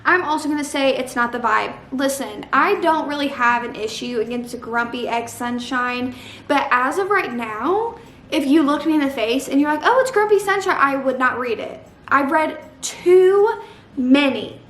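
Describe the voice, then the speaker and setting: A young woman with a fairly high voice chats about her opinions in a casual, dramatic way. She sounds like she is in an echoey room, with a faint hiss of noise behind her. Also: normal speed, a bit bright. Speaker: book vlogger. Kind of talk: casual chat.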